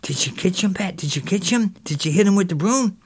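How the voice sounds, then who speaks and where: Brief: a man playing a curious young boy, high and eager. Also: lively intonation, brisk, husky, heavily acted. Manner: eager, questioning.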